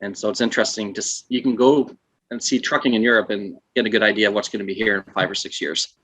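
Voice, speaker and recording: A man, a trucking magazine editor, telling an animated anecdote in casual conversation. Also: lowish voice, quick pace, husky, no room sound, rough recording. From Canada. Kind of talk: casual storytelling.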